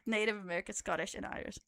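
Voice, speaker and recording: A woman's voice: mid-range voice, sharp tone, dry recording. A young Australian woman streaming live, chatting casually with her viewers, laughing often and swearing as she teases.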